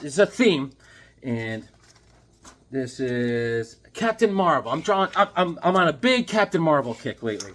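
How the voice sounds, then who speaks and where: A man casually showing off his sketches and comics in an excitable, rambling, jokey way. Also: a little high, measured pace, slight background noise. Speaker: comic book vlogger. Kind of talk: casual show-and-tell vlog.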